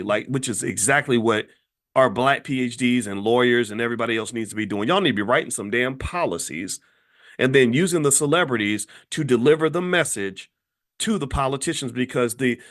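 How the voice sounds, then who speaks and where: A man hosting his own channel, giving a heated unscripted opinion monologue, repeating points and stumbling over words as he gets worked up. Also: a little high. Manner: emphatic, repetitive, rising and heated when animated. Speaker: channel host, finance commentator.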